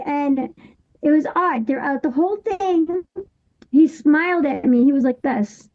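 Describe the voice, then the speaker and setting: A woman in her thirties, a guest on an interview show, telling a personal story in a halting way with many restarts and fillers. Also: high-pitched, narrow, tinny audio.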